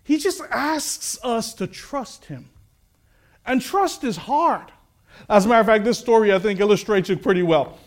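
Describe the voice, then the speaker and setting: A man with a high-pitched voice preaching to his congregation. He tells a story with relish, then turns earnest and reflective, working through one rhetorical question after another. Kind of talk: sermon with storytelling.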